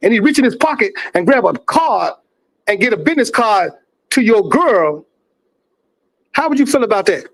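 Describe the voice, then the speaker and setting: A man hosting a livestream sports debate, loud and profane, talking over others and repeating himself. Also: sits high, very animated, normal speed, pauses often. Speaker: livestream host.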